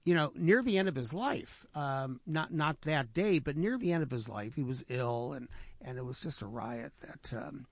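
A man's voice: mid-range voice, lively intonation, vocal fry, dry recording. Guy on radio telling family stories, stops and restarts a lot, dry studio sound. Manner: halting, repeats words, reflective. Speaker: storyteller guest. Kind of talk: radio conversation.

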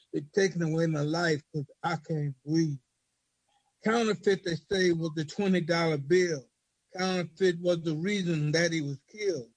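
A man's voice: on the high side, no room sound, rough recording. A man speaking hesitantly about why he wrote a poem, then reciting it aloud in a rhythmic spoken-word delivery. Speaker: poet reading his own poem. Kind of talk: spoken word poetry reading.

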